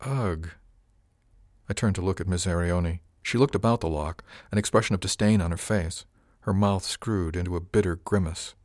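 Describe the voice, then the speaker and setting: A man giving steady first-person scripted narration of an audiobook. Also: low-pitched, moderate pace, no room sound, studio quality.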